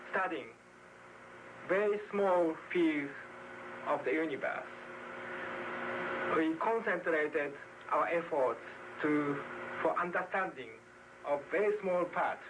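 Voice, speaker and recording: An astronomer speaks slowly and haltingly, stopping to search for the right words. His voice sits a little high, and a steady noise runs under the recording. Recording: noisy recording.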